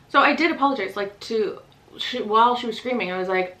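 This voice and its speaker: A woman vlogger telling a personal story in a casual, rapid style, full of "like" fillers. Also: mid-range voice, a bit bright, poor audio.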